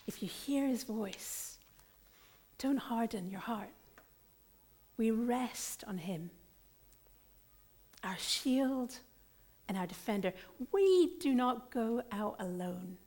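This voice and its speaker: A woman pastor preaching a sermon in an earnest, deliberate and emphatic way. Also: on the high side, mellow.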